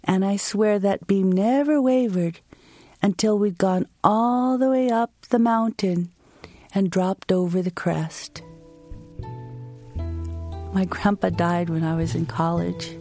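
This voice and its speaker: A woman from the United States performing a personal story and then talking as an interview guest, vivid and expressive. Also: mid-range voice, takes it slowly, pauses often, soft background music.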